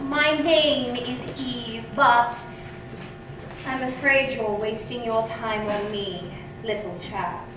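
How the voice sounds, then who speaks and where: Brief: a woman doing a cool, posh English girl, high and slow-spoken, stage voice heard from far off in an echoey theatre. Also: fairly even intonation, background noise. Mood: aloof. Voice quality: cool, aloof, slow and proper. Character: prim, posh young Englishwoman. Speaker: stage actor. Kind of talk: live musical theatre acting.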